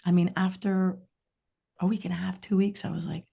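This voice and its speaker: Gravelly, low-pitched middle-aged woman storyteller. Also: moderate pace. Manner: candid, rambling storytelling with lively asides. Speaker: guest, singer-songwriter. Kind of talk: casual podcast interview chat.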